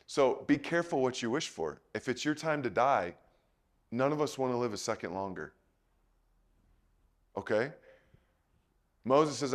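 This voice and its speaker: A man's voice: medium pitch, expressive, moderate pace, pauses often, fairly bright tone. A man teaching through Bible passages in a casual, conversational way, with asides and frequent "okay?" checks.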